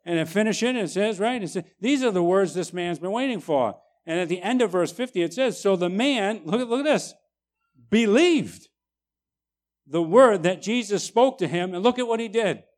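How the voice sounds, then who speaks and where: A man preaching a sermon, emphatic, tagging lines with "right?" and swinging between loud and quiet. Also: high voice, expressive, normal speed. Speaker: pastor.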